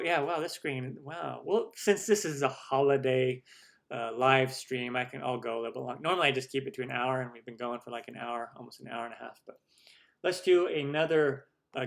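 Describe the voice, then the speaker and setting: A man's voice: medium pitch, gravelly. A middle-aged man hosting a cooking live stream, chatting casually and rambling with many restarts as he answers viewer questions.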